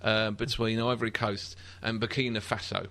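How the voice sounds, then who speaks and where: A man's voice: on the low side, little pitch movement, moderate pace, vocal fry, pushed and bright. A man hosting a casual football podcast, joking and laughing often. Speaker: podcast host. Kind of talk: casual chat. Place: football stadium, outdoors in cold.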